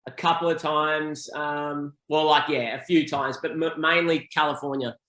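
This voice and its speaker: A man's voice: a little high, fairly even intonation, moderate pace, sharp tone, roomy sound. A man from Australia with an Australian accent, a podcast guest in casual, laid-back chat who says mate a lot.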